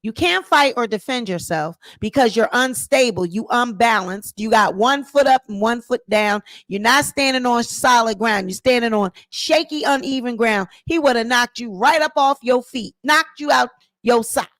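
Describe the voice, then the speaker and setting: A woman's voice: a little high, normal speed, a bit bright, no echo. Mocking woman reacting to a clip. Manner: mocking, blunt, laughs at the clip. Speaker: commentator. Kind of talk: casual reaction commentary.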